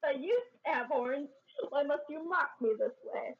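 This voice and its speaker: A woman voicing an excitable, emotional half-giant half-dwarf young woman. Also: high-pitched, moderate pace, narrow, tinny audio, pitched above the performer's own voice. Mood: hurt.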